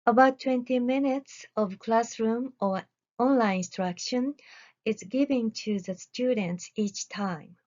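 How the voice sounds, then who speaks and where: A woman researcher giving a recorded academic presentation, reading deliberately with careful pauses. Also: a little high, darkish tone, muffled recording.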